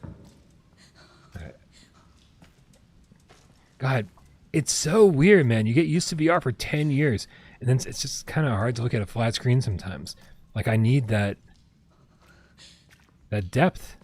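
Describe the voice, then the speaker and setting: A man's voice: mid-range voice, moderate pace, long pauses, darkish tone. A man streaming a video game, chatting casually and reading on-screen text aloud. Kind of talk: casual gameplay commentary.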